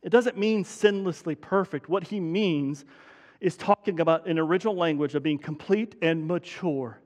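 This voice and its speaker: A man's voice: on the high side, moderate pace, darkish tone. A man preaching a sermon as pastor in a church sanctuary, fervent and urgent, often restarting his words. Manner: fervent, building to urgent emphasis; frequent restarts and stumbles. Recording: long hall reverb in a church.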